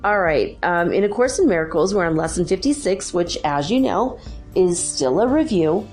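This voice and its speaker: A woman hosting a spiritual podcast, reading lines slowly and deliberately, repeating each one. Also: lowish voice, lively intonation, a little mellow, faint music behind. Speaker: podcast host.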